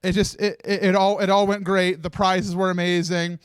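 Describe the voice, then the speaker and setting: A man giving an emotional closing speech at a livestreamed charity marathon. He talks haltingly, restarts his sentences often and laughs through tears. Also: high voice, level tone, smooth, dry recording. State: tearful.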